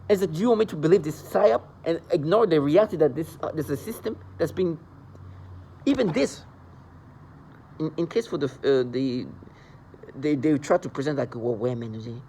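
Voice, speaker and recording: Guy ranting to camera, fired up and rambling, kinda mellow warm voice, slightly high. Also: expressive, normal speed, creaky, long pauses, slight background noise. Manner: agitated, rambling rant with mocking asides. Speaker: vlogger describing being targeted. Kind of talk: angry monologue.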